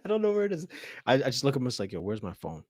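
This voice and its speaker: A man's voice: mid-range voice, wildly swooping pitch, very fast, a little mellow, dry recording, studio quality. A man, a teacher, telling a story in casual chat, laughing often and acting out the people in it.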